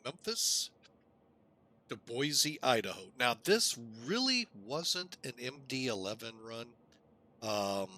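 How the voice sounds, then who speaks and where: Man hosting a relaxed sim stream, unhurried folksy chatter, bright voice, dry close sound. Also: mid-range voice. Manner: chatty, addresses viewers as folks. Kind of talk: casual live-stream narration.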